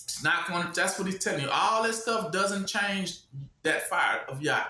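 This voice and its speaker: A man's voice: sits high, expressive, normal speed, sharp tone, reverberant. A man preaching a sermon, emphatic, with call-and-response questions to his listeners.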